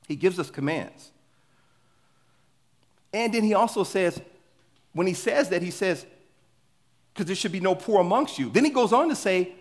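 A man preaching a sermon in a conversational, animated way, asking the congregation rhetorical questions. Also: sits high, moderate pace, pauses often. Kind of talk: sermon with scripture reading.

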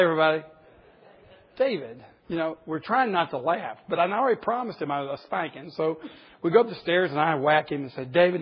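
A man's voice: a little high, slightly rough. A man in his fifties, a pastor preaching a sermon in an emphatic, humorous storytelling way. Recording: dull lo-fi recording.

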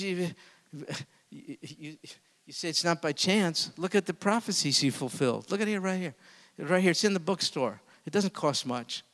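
Man, pastor preaching, hushed asides to booming peaks, bright tone, long hall reverb. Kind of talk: sermon.

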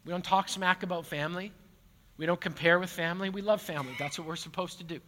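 A man's voice: high-pitched, fairly even intonation, quick pace, pushed and bright. A man, a pastor, answering congregation questions in a church auditorium in a conversational way, often repeating words and joking at his own expense. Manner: conversational, repeats words, self-deprecating humor. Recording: long hall reverb.

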